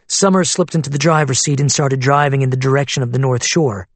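A man narrating a thriller audiobook in a steady, matter-of-fact way. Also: medium pitch, fairly quick, hardly any pauses, no echo. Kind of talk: scripted narration.

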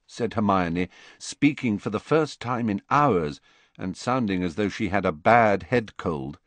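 A man's voice: on the low side, expressive, a little slow, no room sound. A man narrating an audiobook expressively, switching into character voices.

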